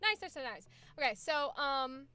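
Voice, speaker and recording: High bright woman streamer just chatting casually, cusses a lot, quiet music in the back. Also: sing-song. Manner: chatty, swears freely, quick laughs. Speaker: voice actor streaming a coaching session. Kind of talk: casual live-stream chat. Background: faint background music.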